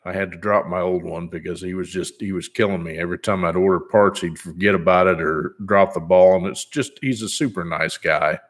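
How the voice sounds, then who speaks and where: A man's voice: sits low, brisk, few pauses. A man in his fifties chatting casually on his vlog in a rambling, easygoing way, with many fillers. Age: 50s. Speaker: channel host.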